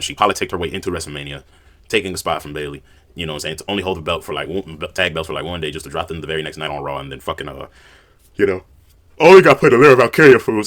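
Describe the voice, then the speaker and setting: A man with a very low voice talks at a rapid clip. He delivers casual wrestling opinions in a loose, conversational way, often tagging his points with filler phrases. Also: fairly bright tone. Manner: fast, conversational, repeats "you know what I'm saying". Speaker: wrestling opinion video narrator.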